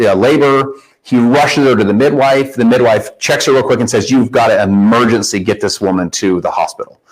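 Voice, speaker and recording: A man's voice: medium pitch, low-quality recording. A man speaking at a workshop, telling a friend's emotional story with a lot of restarts and repeated words.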